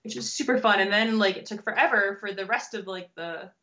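A woman's voice: mid-range voice, brisk. A young woman chatting casually, telling stories with lots of fillers and laughter. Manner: chatty, laughs a lot, animated storytelling with many fillers. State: pregnant. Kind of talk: casual chat. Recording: dull lo-fi audio.

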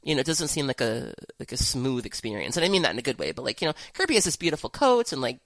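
A woman's voice: extremely low pitch, big pitch swings, fast talker, fairly bright tone, no room sound. A woman hosting a casual podcast chat, rambling and laughing at herself. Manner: laughing, rambling, self-deprecating. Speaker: podcast host.

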